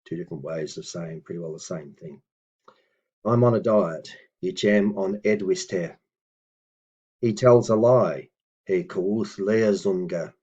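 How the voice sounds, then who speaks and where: A man teaching old phrases, reading each sentence and then sounding out its translation slowly and carefully, stopping to correct himself. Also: low voice, warm tone, husky, dull audio. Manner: slow, careful pronunciation of example phrases; self-correcting asides. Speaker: language teacher. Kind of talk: slow spoken language lesson.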